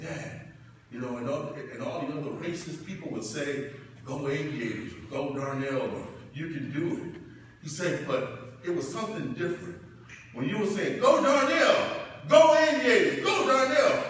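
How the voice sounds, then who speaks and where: Preacherly man speaking in an echoey hall. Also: a little hiss or hum. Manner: preacherly, swells loud and high when building up. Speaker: parent giving a graduation speech. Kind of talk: commencement speech with personal stories. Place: large hall or church. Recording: echoey hall, distant mic.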